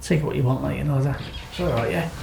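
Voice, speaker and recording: A man's voice: mid-range voice, fast, gravelly, echoey room, background noise. A Scouse man from Liverpool telling a wild story as a podcast guest, laughing often, swearing freely and acting out what people said. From Liverpool, England. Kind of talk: casual anecdote telling.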